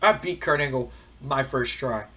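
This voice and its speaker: A man voicing an arrogant veteran male wrestler who talks in a smug, dismissive way, with a husky voice. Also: mid-range voice, moderate pace, bright, forceful tone.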